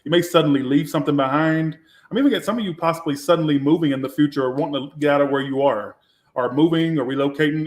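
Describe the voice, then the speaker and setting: A man giving a casual live tarot reading, talking in a blunt, sassy way with a lot of swearing. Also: on the high side. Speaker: tarot reader. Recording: echoey room.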